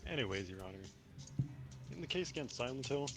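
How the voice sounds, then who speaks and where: A man's voice: mid-range voice, sing-song, fairly quick, creaky, music in the background. A young man playing lawyer in a courtroom game, arguing in a mock-formal, joking way. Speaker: player.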